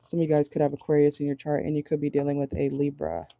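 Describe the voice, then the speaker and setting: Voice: medium pitch, fairly even intonation, fast, warm tone, a little hiss or hum. A tarot reader giving a casual channeled reading from a car, talking bluntly, swearing and laughing often. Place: parked car.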